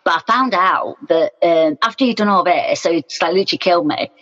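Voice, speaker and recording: Woman, interview guest, blunt and plain-spoken, mid pitch, reverberant muffled recording. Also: fast, fairly bright tone. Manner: frank, plain-spoken, retells scenes in quoted speech. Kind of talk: personal account in conversation. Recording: dull sound with long room reverb.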